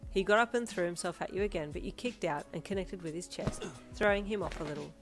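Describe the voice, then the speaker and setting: A woman narrating a fan fiction story in an expressive second-person reading. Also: on the low side, quick pace, faint music behind. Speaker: audiobook narrator.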